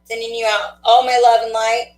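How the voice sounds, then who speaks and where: A woman hosting a spiritual card-reading livestream, chatting warmly and laughing often, with a stuffy nose. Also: a little high, little pitch movement, normal speed, faint music behind. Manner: affectionate, chatty, laughs often, many fillers. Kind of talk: casual livestream sign-off chat. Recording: echoey room.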